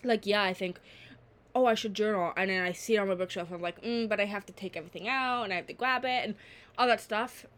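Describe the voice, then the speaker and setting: A woman's voice: medium pitch, fast, fairly bright tone, smooth. A nineteen-year-old woman hosting her own podcast, chatting alone in a rambling, candid way and swearing freely. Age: late teens. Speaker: podcast host. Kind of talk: casual solo podcast chat.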